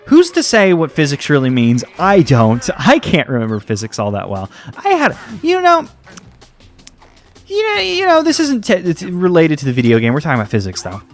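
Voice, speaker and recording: A young man from the United States talks through a game in a loose, rambling way, stacking fillers and drifting into tangents. His pitch swings widely as he goes, rising high and dropping low. Faint game music sits quietly behind him. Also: wildly swooping pitch, moderate pace. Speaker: let's play host. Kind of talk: casual gameplay commentary.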